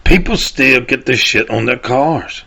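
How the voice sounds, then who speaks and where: A man's voice: mid-range voice, measured pace, vocal fry, sharp tone, breathy edge. A man, hosting a casual rant show, rambling and cursing as he laughs at his own stories. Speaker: podcast host. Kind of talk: casual ranting monologue.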